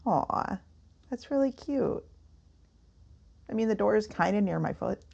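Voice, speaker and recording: A woman's voice: mid-range voice, expressive, measured pace, creaky, darkish tone, slightly rough, highs cut off. A woman co-hosting a podcast in casual chat, laughing often. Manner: giggly, laughs a lot. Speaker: podcast co-host.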